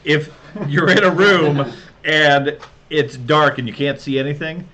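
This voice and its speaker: A man running a tabletop game as game master, narrating and giving rulings in a calm, measured way. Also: a little high.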